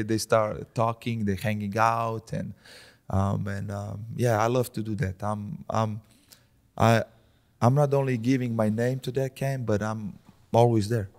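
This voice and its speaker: A man with a Slovenian accent, a podcast guest chatting casually with frequent restarts. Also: lowish voice. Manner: relaxed, halting speech with many restarts.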